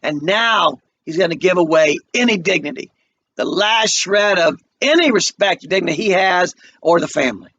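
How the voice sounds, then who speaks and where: High-voiced man reading a play aloud. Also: lively intonation, normal speed, bright, forceful tone, lo-fi sound. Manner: earnest, summarizing between quotes. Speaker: teacher.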